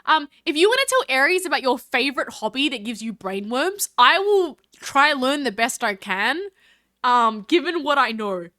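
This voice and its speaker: A woman's voice: high voice, sing-song, normal speed, sharp tone. A woman chatting casually on a live stream, reading chat aloud and thanking viewers in a bubbly, scattered way.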